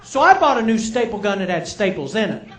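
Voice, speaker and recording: A man's voice: high voice, sing-song, a little fast, background noise. A middle-aged man doing live stand-up, telling chatty, self-mocking stories and checking in with the crowd. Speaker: stand-up comedian. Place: comedy club stage with live audience. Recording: roomy live club sound.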